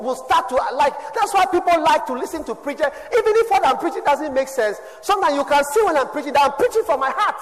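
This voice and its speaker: A man preaching a sermon, swinging between loud exhortation and quiet asides. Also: big-room sound, rough recording. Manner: preaching with shifts from shouts to low asides. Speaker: pastor.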